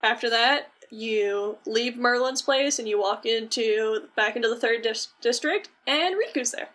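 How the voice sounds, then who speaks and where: A woman co-hosts a casual podcast, recapping a video game with animated energy. Her voice is fairly high and bright, and she swears offhandedly and jumps into quoting characters. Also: measured pace. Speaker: podcast co-host.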